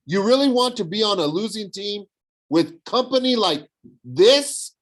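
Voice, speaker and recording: Brief: man playing a mocking young villain, persuasive, sneering, lifted pitch. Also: expressive, measured pace, poor audio.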